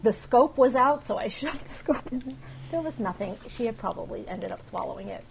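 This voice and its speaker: A woman co-hosting a podcast, chatting casually and telling rapid, animated stories full of swearing. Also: fairly high pitch, vocal fry, slight background noise, poor audio. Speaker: podcast co-host. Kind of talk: casual chat.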